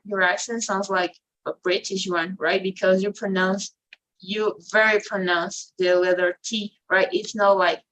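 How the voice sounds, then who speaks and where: A woman teaching an English class online, talking slowly with many fillers and restarts. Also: mid-range voice, fairly bright tone, low-quality recording. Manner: slow, hesitant, non-native English with many fillers.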